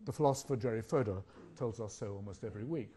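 This is an older man with a British accent lecturing to the public on an academic subject. His delivery is measured and questioning, broken by rhetorical pauses, and his voice is lowish and mellow.

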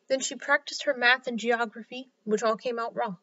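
Bright, high-voiced woman reading a children's story. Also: steady tone, moderate pace. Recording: slightly dull lo-fi sound.

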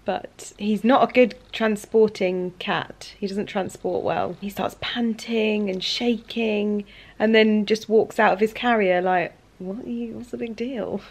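A young woman vlogging at home in a chatty, casual way, often dropping to soft, hushed speech. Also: medium pitch, steady tone, a little slow. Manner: chatty, with frequent fillers like "like" and "um". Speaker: lifestyle vlogger. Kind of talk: casual chat to camera.

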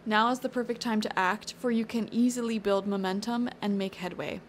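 A woman's voice: on the high side, steady tone, a little fast, a little hiss or hum. A woman giving a casual, encouraging tarot reading, chatty and thinking aloud with fillers. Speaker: tarot reader.

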